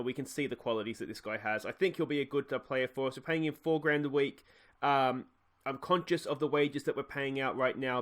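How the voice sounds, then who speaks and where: A man's voice: mid-range voice, fairly bright tone. An Australian man giving casual let's play commentary, chatty and thinking aloud with frequent fillers and self-corrections. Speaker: gaming YouTuber.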